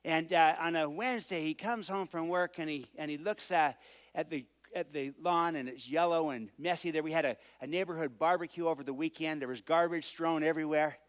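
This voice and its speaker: A man on stage telling a personal story to an audience. His voice sits a little high for a man. He acts out the dialogue with energy. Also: a little fast. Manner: animated storyteller acting out dialogue. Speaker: speaker. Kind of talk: storytelling speech.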